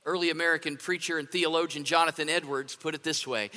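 A man's voice: a little high, steady tone, quick pace, hardly any pauses, sharp tone. A man preaching a sermon in a conversational way, often asking "right?" to his listeners. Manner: conversational, asks rhetorical "right?". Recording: long hall reverb.

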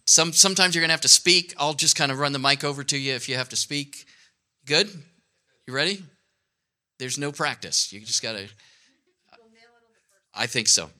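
A man's voice: medium pitch, sharp tone. A man preaching outdoors to a congregation in a casual, joking way, with many fillers and restarts. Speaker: pastor. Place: outdoor church service.

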